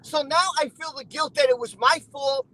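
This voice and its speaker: A man's voice: very high voice, steady tone, moderate pace, sharp tone, rough recording. A man talking as a stream guest in a car, heated and emotional, repeating himself as he vents. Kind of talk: casual chat.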